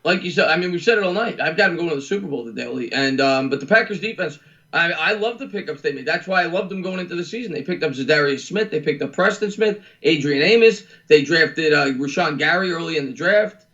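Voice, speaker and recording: A man's voice: a little high, lively intonation, fast talker, fairly bright tone, muffled recording. A man co-hosting a live sports stream, chatting eagerly about football and thanking viewers.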